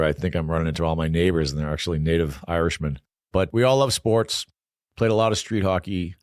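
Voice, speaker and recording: A man's voice: sits low, dry recording, studio quality. A man in his sixties with a strong Boston accent, telling stories from his past as a guest on a casual podcast interview. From Boston, USA. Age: 60s. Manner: fast, animated storyteller. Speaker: podcast guest, former Olympic hockey player.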